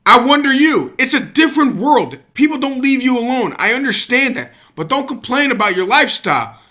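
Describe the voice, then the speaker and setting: Man, high-pitched, bright tone, rambling sports rant, repeats himself, exasperated. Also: big pitch swings, fairly quick. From United States. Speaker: sports opinion vlogger. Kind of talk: casual monologue rant.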